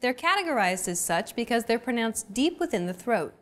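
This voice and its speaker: A woman's voice: fairly high pitch, sing-song, brisk, fairly bright tone. A young adult woman hosting a language lesson, with a scripted, upbeat coaching delivery.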